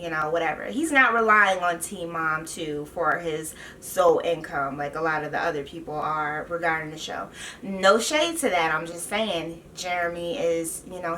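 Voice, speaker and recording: A woman vlogger recapping a TV show in a casual, animated and exasperated way, full of slang. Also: on the low side, far from the mic, slight background noise.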